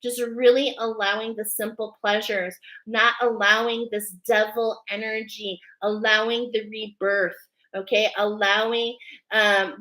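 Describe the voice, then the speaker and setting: Bright-voiced woman giving a spiritual reading. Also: mid-range voice, low-quality recording. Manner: earnest, tags phrases with a questioning "okay?"; emotional, effusive. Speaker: oracle card reader.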